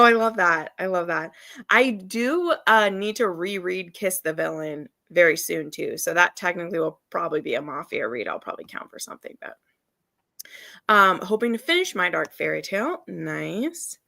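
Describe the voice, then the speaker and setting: A woman's voice: on the low side, expressive, moderate pace, vocal fry, bright, forceful tone, dry recording. A woman hosting a live reading stream, chatting casually and laughing often as she gushes about books. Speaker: readathon host.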